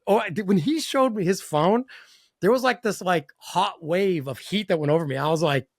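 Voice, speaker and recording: A man's voice: sits high, moderate pace, no room sound, clean studio sound. A man telling a story as a guest in casual conversation. He laughs often and fills his talk with "like". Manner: animated, laughing, full of "like" fillers. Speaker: car builder guest.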